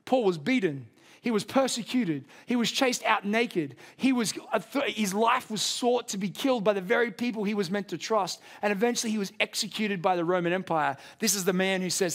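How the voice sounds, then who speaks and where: High-voiced impassioned male preacher. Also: fairly quick, vocal fry. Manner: impassioned, rising to a near shout at climaxes. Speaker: pastor. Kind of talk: sermon.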